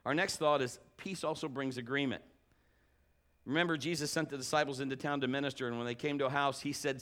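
Middle-aged male pastor, casual folksy sermon, storytelling with restarts, mid-pitched voice. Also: fairly even intonation, quick pace, pushed and bright. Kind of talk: conversational sermon.

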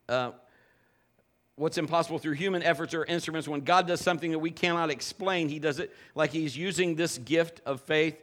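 A middle-aged man preaching a sermon in a church, telling stories and acting out the quotes in lively voices. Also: fairly high pitch. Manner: animated storytelling with acted-out quotes. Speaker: pastor.

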